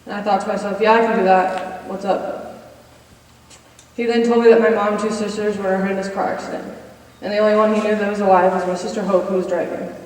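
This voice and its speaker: A woman's voice: medium pitch, flat delivery, rapid-fire, darkish tone. Earnest young woman in an echoey chapel. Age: 20s. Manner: earnest, reads from notes with slide cues. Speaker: college senior speaker. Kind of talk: personal testimony in chapel. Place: chapel hall. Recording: echoey hall from far off.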